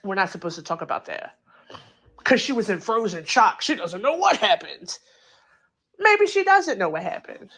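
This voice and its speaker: A woman hosting a casual true crime chat, talking it through in an animated, incredulous way and acting out quotes, with plenty of filler words. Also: medium pitch, moderate pace, slightly rough. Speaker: true crime channel host. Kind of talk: casual commentary.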